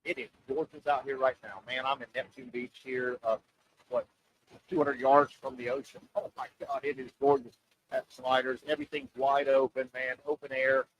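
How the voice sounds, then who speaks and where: A man hosting a live radio show from an open-air oyster bar, chatting loosely and joking in a rambling, animated way. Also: medium pitch, moderate pace, slight background noise, rough recording. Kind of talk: casual radio chat.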